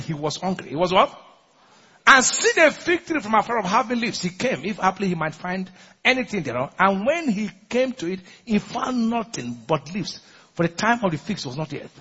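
Casting: husky male pastor, high animated voice, call-and-response sermon in a muffled echoing hall. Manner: preaches with call-and-response questions and laughs often. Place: large church hall. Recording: muffled recording in a large echoing church hall.

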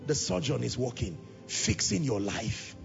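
A male preacher delivering an impassioned sermon, repeating lines and swelling into shouts and half-sung phrases. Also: mid-range voice, very animated, a little slow, gravelly. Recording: reverberant hall, dull lo-fi sound, music behind.

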